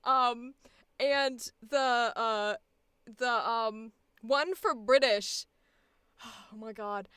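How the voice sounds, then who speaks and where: A woman's voice: a little high, very slow, a bit bright, clean tone, no echo. A woman in a casual video chat, talking animatedly, laughing often and swearing freely. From United States. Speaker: voice acting student.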